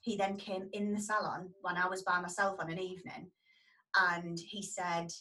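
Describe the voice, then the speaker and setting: A woman tells a story in a casual, lively way and acts out the people in it. Her voice is bright and forward, and she sits a little away from the microphone. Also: fairly low pitch, moderate pace, far from the mic, rough recording. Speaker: dog groomer telling a story.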